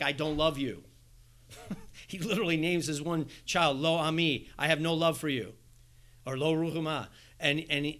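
A man preaching a sermon, animated, acting out little dialogues with asides. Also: on the high side. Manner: animated, acts out quoted exchanges with asides and laughs. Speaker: pastor.

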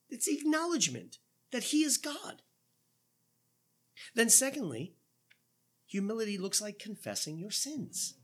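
A man's voice: sits high, a bit bright, breathy edge. A man preaching a sermon as pastor, earnest and full of rhetorical questions. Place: church.

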